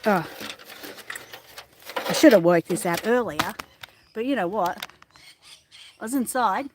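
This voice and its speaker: A woman with an Australian accent chatting casually outdoors on a live stream, greeting viewers by name in a relaxed way and dropping in the odd mild swear word. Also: mid-range voice, background noise. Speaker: livestream host. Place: outdoors in a backyard. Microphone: phone propped on a ladder a little way off.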